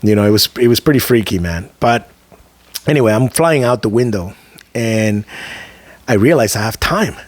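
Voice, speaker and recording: Low-voiced man telling a vivid story. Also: expressive, dry recording. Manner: vivid, emphatic storyteller who slows down for dramatic moments; loose and conversational, with slang asides. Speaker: podcast co-host. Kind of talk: casual storytelling chat.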